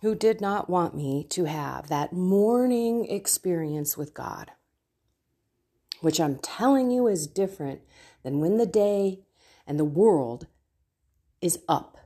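A woman's voice: lowish voice, lively intonation, takes it slowly, pauses often, warm tone. A middle-aged woman hosting a devotional podcast, talking casually and earnestly about her own prayer life and urging her listeners on. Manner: earnest, personal, exhorting listeners. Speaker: podcast host and faith coach.

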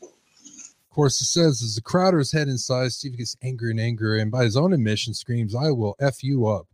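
A man's voice: mid-range voice, moderate pace, a little mellow, no room sound, studio quality. A man hosting a livestream commentary show, talking casually and rambling as he reads viewer comments. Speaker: host.

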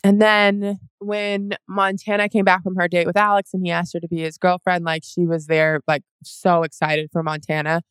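Young woman co-host recapping a show, smooth voice, dry close mic, rambles a lot. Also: on the low side, level tone, moderate pace, few pauses, a bit bright, no echo. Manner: rambling storyteller, lots of "like". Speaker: podcast co-host. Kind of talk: casual chat.

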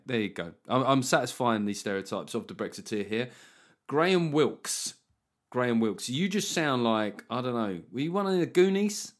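A man hosting a podcast, chatting casually and joking, swearing and slipping into mock voices. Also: on the low side. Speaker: podcast host. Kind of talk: casual comedic chat.

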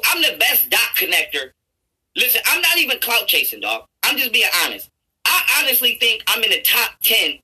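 A man delivers an angry commentary rant with a husky, rough edge to his voice. His tone is piercingly bright, and he stumbles through restarts before rising into shouts. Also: extremely high pitch, low-quality recording. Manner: profane, repetitive, stammering restarts, rising to shouts. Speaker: YouTuber. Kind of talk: angry ranting commentary over a played clip.

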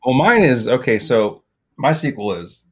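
A man co-hosting a comedy podcast, riffing through an absurd story in a rambling, animated way. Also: mid-range voice, unhurried, breathy edge. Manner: rambling, animated, repeats himself. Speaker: podcast co-host.

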